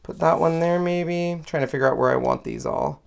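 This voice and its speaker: A man with a higher voice and some vocal fry talks a little fast while hosting a live craft tutorial on card making. He chats through each step and thinks aloud as he lays out a card.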